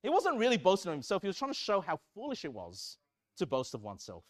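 Fervent high-pitched preacher man. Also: huge pitch swings, quick pace. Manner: emphatic, swings from loud fervor to quiet asides. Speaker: pastor. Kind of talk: sermon.

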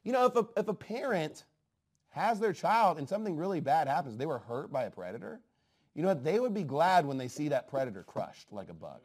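A man delivering a fiery sermon in a high-set, very animated voice. His pitch climbs and dives all through the preaching. He moves from muttered asides to forceful, emphatic outbursts. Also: brisk. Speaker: pastor.

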